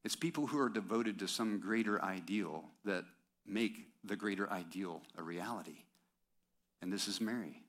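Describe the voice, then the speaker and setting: Male pastor, lowish voice, chatty sermon delivery with rhetorical questions and asides to the congregation. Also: normal speed, a bit bright.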